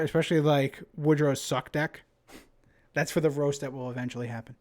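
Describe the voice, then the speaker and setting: A man's voice: on the high side, fairly even intonation, brisk, a little mellow. A young man with a New Jersey accent giving chatty, casual live-stream commentary on a card game. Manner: casual, chatty, with frequent fillers and restarts.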